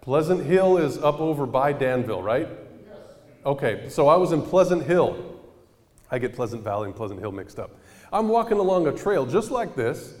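A man's voice: fairly high pitch, moderate pace. Man preaching in a ringing hall. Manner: conversational, animated, addresses audience with questions. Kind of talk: storytelling sermon.

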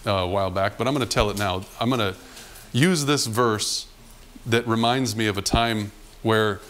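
In a lowish voice at normal speed, a man preaches, animatedly telling a story from his own past. The pastor acts out each person who appears in it.

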